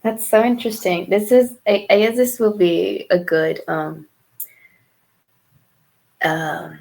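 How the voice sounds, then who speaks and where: A woman's voice: medium pitch, steady tone, takes it slowly, gravelly, a little mellow, low-quality recording. A young adult woman co-hosting a podcast, talking frankly in casual chat with lots of swearing, fillers and restarts. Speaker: podcast co-host.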